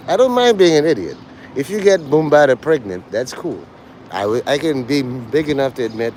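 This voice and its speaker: A man's voice: mid-range voice, very animated, normal speed, darkish tone, a little hiss or hum. A man livestreaming to a chat, rambling crudely from joke to joke and breaking into laughter. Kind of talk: rambling live-stream chat.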